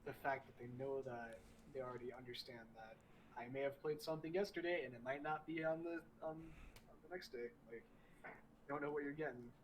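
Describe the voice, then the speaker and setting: A man talking casually about his streaming, relaxed and self-deprecating. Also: mid-range voice, a little fast. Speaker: streamer guest. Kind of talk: casual chat. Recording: distant mic with background noise.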